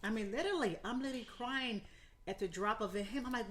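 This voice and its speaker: Candid, encouraging woman podcast co-host. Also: quick pace. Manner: candid, encouraging, laughs often; swoops up into high pitch in quoted asides and laughs. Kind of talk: casual health chat.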